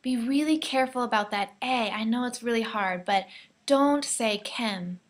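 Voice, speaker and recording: An American woman teaching English pronunciation, slowly modelling words and phrases for learners to repeat. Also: on the high side. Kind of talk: pronunciation lesson.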